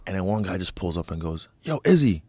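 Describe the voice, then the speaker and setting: A man's voice: deep voice, fairly even intonation, fast talker, darkish tone, dry recording. A man telling a story as a guest in casual podcast chat, swearing freely and acting out others' lines.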